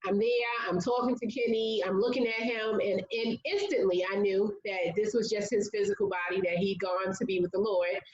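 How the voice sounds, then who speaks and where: As an interview guest, a woman shares a personal story candidly and earnestly, peppering it with "like." Her mid-range voice stays steady at a moderate pace with few pauses, and the recording sounds roomy with the highs cut off.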